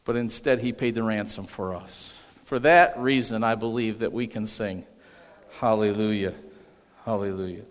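A man's voice: lowish voice, normal speed, hardly any pauses. A man preaching a sermon as pastor, emphatic and calling on the congregation to respond. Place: church sanctuary. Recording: echoey hall.

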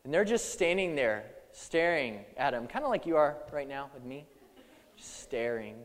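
A male preacher giving a sermon to a church, playful and animated, acting out the scripture story. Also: medium pitch, normal speed. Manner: animated, playful, acts out the disciples and Jesus. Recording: long hall reverb.

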